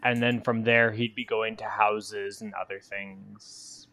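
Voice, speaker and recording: A man talking casually as a player in a tabletop game, relaxed and halting. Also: lowish voice, a little hiss or hum. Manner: relaxed, laughing, with halting restarts.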